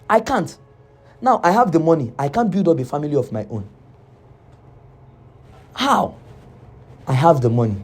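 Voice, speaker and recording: A man's voice: on the high side, mellow. A man telling a troubled first-person confession, repeating himself and pleading. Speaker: storyteller.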